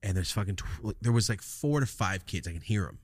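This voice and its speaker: A man's voice: fairly low pitch, expressive, a little fast, no echo, clean studio sound. A man hosting a podcast, telling a rambling, profane story in casual chat and acting out the lines of people in it. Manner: profane, rambling, acts out quotes. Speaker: podcast host.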